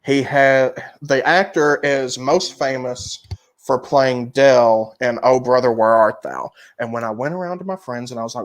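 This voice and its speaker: A male podcast co-host talking in a casual, emphatic way, swearing freely as he recommends things. His voice sits at an ordinary middle pitch. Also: a little slow. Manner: emphatic, profane, recommending with energy. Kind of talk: casual chat.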